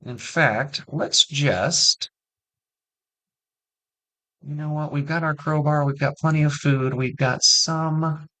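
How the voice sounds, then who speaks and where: A man's voice: on the high side, slow, pauses often, pushed and bright, low-quality recording. A man giving casual, chatty commentary on his own gameplay, talking straight to his viewers with jokey asides. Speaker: gaming streamer. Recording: music playing behind.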